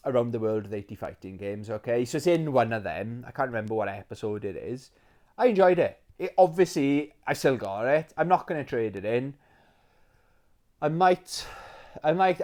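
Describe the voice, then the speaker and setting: A man chatting casually about games he has collected, rambling and quick to get excited, with lots of fillers. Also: medium pitch. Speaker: retro game collector. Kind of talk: casual video chat.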